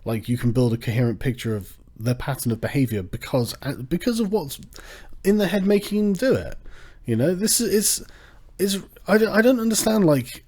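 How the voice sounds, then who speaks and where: A man hosting his own channel in a casual livestream, ranting with a profane, sarcastic, animated manner. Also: on the high side, moderate pace. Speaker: channel host.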